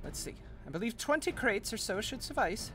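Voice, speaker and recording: A theatrical, doting noblewoman, as a man puts her on, all high fluttering grandeur. She fusses over her son in a lofty, game-character manner while soft music plays beneath. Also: sing-song, a little fast. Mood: fussing. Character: flamboyant older noblewoman, doting mother.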